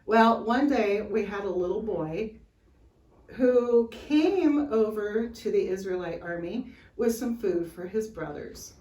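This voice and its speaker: A woman telling a Bible story to children at Sunday school, chatty and animated, with asides to the kids. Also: medium pitch, slow. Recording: roomy, from far off, faint hiss.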